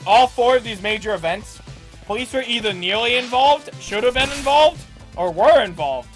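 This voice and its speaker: A man co-hosting a podcast, telling a long anecdote in a rambling, animated way with many restarts. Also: very high voice, normal speed, faint music behind. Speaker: podcast co-host. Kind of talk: casual storytelling chat.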